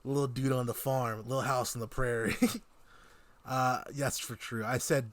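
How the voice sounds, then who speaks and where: A man's voice: mid-range voice, normal speed. A man co-hosting a casual podcast, retelling a TV season from his notes with lots of laughs. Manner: animated, reads out his notes in quotes, laughs often. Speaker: podcast co-host. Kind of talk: casual chat reviewing a TV season.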